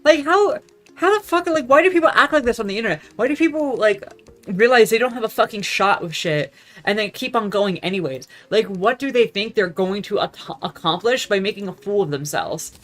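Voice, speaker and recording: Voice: mid-range voice, lively intonation, fairly quick, fairly bright tone, faint music behind. A young adult vlogger telling a story in a casual, profane, rambling rant that keeps losing its thread. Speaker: gaming vlogger.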